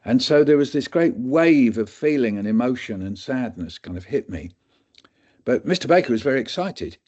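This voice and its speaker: A man's voice: medium pitch, lively intonation, normal speed, darkish tone. A man in his seventies, guest speaker at a webinar, telling a humorous story in a chatty, self-deprecating way. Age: 70s. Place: webinar recording. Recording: dull lo-fi audio.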